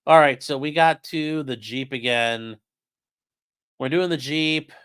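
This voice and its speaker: Man host live-streaming, smooth voice, loose and profane, chatty asides to viewers. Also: on the high side, takes it slowly, fairly bright tone. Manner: rambling, profane, jokey asides to chat. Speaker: livestream host. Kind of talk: casual live-stream commentary.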